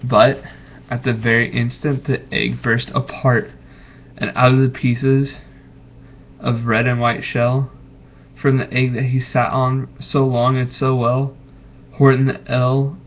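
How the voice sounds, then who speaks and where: A man reads a bedtime story to his children in an unhurried, gentle way, stopping to ask them questions. His pitch sits in the middle. The recording is dull and lo-fi, with a faint hiss. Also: little pitch movement. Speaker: parent reading to children. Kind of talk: bedtime story read aloud.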